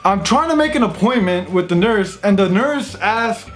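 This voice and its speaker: High-voiced man telling a comic story. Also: moderate pace, soft background music. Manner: animated, self-mocking storytelling. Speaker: YouTube channel host. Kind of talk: casual comedic storytime.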